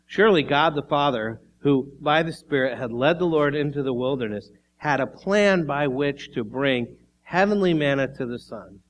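A man preaching a sermon with measured delivery, pressing his points with rising emphasis, with a few coughs along the way. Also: a little high, lively intonation, a little hiss or hum, low-quality recording. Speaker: pastor.

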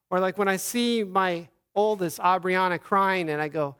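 A man, a pastor, giving an Easter sermon, telling the story earnestly and acting out quoted lines softly. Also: high-pitched, a little fast, hardly any pauses, clear, resonant tone.

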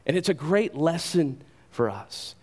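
A man's voice: a little high, sing-song, measured pace. A man preaching a sermon, emphatic, asking rhetorical questions and doubling words as he stresses a point. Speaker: pastor.

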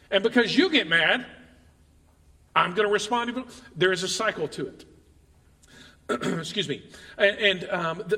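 A man's voice: high voice, bright, forceful tone, long reverb tail. A male pastor preaching a conversational sermon to his congregation in church, often restarting and repeating words as he talks directly to them. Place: church sanctuary.

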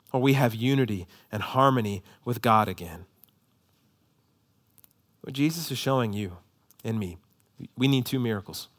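A man preaching a sermon, moving between hushed, slow passages and emphatic ones, often repeating words as he restarts. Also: mid-range voice. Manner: dynamic, shifts between hushed and emphatic delivery; frequent quick repetitions and restarts. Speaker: pastor.

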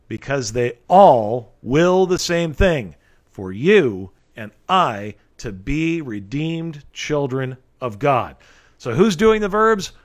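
A man preaching an expository sermon, earnest and emphatic, with folksy asides to his listeners. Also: high voice.

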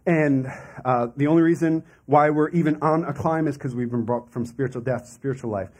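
A man's voice: medium pitch, a little fast, a little mellow. A man preaching a sermon as a pastor in a conversational way, with asides and laughs.

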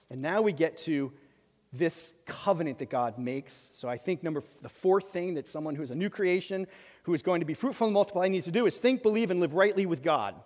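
High-voiced pastor preaching in a hall. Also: male voice, lively intonation, fairly quick. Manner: emphatic, swings between loud bursts and quiet asides. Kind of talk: sermon. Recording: long reverb of a large hall.

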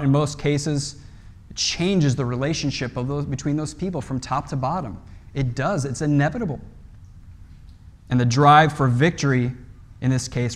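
A man preaching a sermon in a conversational way, often checking in with "right?" and restarting phrases as he explains a passage. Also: mid-range voice. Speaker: pastor.

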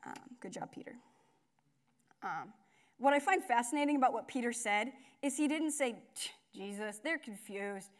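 High-voiced woman giving a chatty sermon. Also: animated, normal speed. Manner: chatty, conversational, many fillers and asides. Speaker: speaker at a church gathering. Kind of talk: casual sermon.

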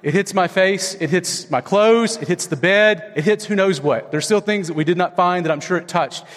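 High-voiced man preaching in a reverberant hall. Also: moderate pace. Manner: conversational storytelling with wide swings in pitch. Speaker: pastor. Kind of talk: sermon.

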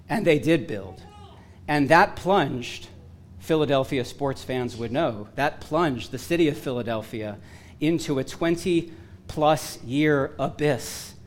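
A man preaching a sermon, earnest and emphatic with touches of self-deprecating humor, his voice going hoarse. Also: medium pitch, a little hiss or hum. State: losing his voice.

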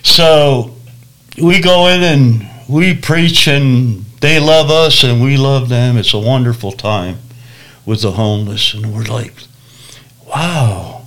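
A man preacher telling a personal story in a lively, animated way, acting out the voices of people in it. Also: mid-range voice, slow pace. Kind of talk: storytelling testimony.

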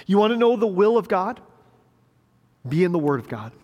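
A middle-aged male pastor delivers a sermon in a church sanctuary, his voice pitched high for a man. He preaches in a conversational way, repeating words and asking the congregation rhetorical questions. Long reverb from the big room trails after each phrase. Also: big pitch swings, normal speed, darkish tone.

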